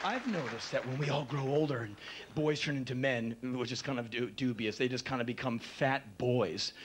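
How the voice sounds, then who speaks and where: A man's voice: moderate pace, crowd noise. A man in his thirties doing a live spoken word stand-up monologue, intense and ranting, on a stage. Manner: intense, ranting, acts out shrill voices.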